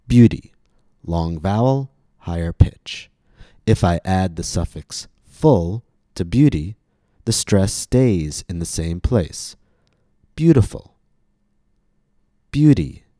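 A man with an American accent hosting a pronunciation podcast, reading a scripted lesson and drawing out example words slowly and deliberately. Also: low-pitched, mellow, no room sound, studio quality. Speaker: pronunciation teacher and podcast host.

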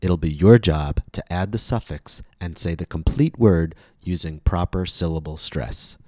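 A man with an American accent hosting a pronunciation podcast, reading a scripted lesson and drawing out example words slowly and deliberately. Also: low voice, warm tone, no room sound, studio quality. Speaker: pronunciation teacher and podcast host.

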